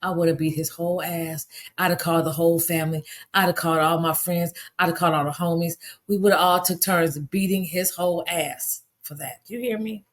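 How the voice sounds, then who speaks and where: Blunt and indignant, a middle-aged vlogger preaches plainly through casual commentary, her pitch jumping up when exasperation hits. Her intonation stays fairly even, and she speaks fairly quickly with few pauses.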